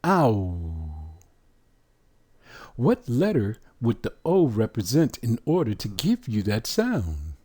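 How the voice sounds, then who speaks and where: A man teaching a religious language lesson, drawing out letter sounds slowly and putting questions to the listener. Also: mid-range voice, big pitch swings, warm tone, slightly rough.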